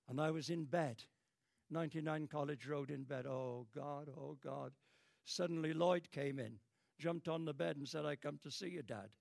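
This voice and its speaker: The gravelly voice belongs to an aging Briton giving an impassioned, repetitive sermon whose emotion mounts through sharp jumps in pitch and volume. It is recorded dry and clean in a studio.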